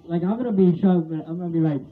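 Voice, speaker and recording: A man's voice: on the high side, fast talker. A young man in a casual rant, rambling and repeating himself, often laughing and swearing as he talks. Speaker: vlogger. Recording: tinny phone-like sound with faint music.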